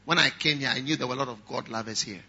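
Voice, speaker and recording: A man preaching a sermon as pastor, moving from quiet talk to shouting, and mocking critics in whiny voices. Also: medium pitch, fast talker, very noisy. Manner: mocks objectors in whiny voices. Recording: dull lo-fi sound.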